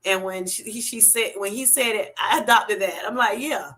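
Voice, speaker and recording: A middle-aged woman hosting a live stream, reading viewer comments aloud and chatting warmly, calling everyone honey. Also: medium pitch, normal speed, few pauses. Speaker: livestream host.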